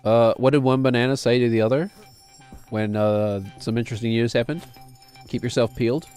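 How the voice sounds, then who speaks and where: A man streams a game, rambling and cracking jokes to himself as he plays, in casual gameplay commentary. His mid-range voice is steady, brisk, and a little mellow, with faint music in the background.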